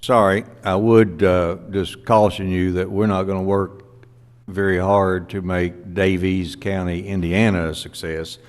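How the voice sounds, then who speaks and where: A man's voice: low-pitched, little pitch movement, a little slow. A man, a county judge chairing a public meeting in a courthouse, casual and joking. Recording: long reverb of a courtroom.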